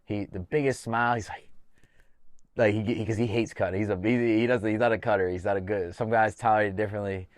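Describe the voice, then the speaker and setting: A man with a low voice tells a loose story on a podcast, swearing freely and acting out bits of dialogue. The recording is dry and close, with no room sound. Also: fairly even intonation, quick pace, no room sound. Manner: loose and profane, acts out quoted dialogue. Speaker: podcast host and fight coach.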